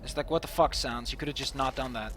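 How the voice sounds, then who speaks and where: A man's voice: medium pitch, fast, a bit bright, slight background noise. A young man commentating a game, giggling, rambling and swearing casually. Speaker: let's play host. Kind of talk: gameplay commentary.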